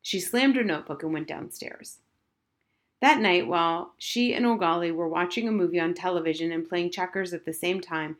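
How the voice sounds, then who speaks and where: A woman with a fairly low voice narrates a children's novel as an audiobook. Her delivery is clear and measured, a steady storyteller's reading. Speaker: audiobook reader.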